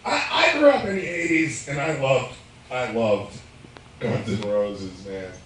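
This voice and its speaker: A man's voice: mid-range voice, expressive, a little slow. A man, doing a crude, profane live stand-up set while a little drunk, laughing at his own jokes. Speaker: stand-up comedian. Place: bar stage, live. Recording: echoey room, distant mic, crowd noise.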